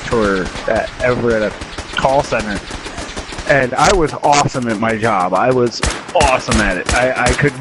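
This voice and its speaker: A man's voice: medium pitch, noisy background. A man chatting casually while streaming a video game. He tells rambling stories and chuckles often. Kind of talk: casual chat while gaming. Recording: game gunfire clearly heard behind. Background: video game gunfire and explosions.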